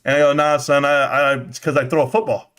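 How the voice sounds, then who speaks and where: A man's voice: on the high side, flat delivery, a little fast, a bit bright, clear, resonant tone. A middle-aged man hosting a casual live stream, brash and joking as he trash-talks, out of breath.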